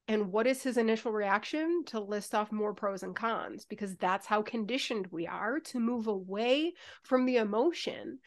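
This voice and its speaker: A woman co-hosting a podcast, talking candidly in casual chat and telling stories with lively energy and some swearing. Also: on the high side. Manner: candid, swears freely, animated storytelling. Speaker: podcast co-host.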